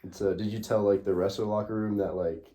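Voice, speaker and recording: A man's voice: lowish voice, fairly even intonation, quick pace, warm tone. A young man interviewing his father, asking questions hesitantly with short fillers. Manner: hesitant, fills gaps with uh and short replies. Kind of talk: casual interview.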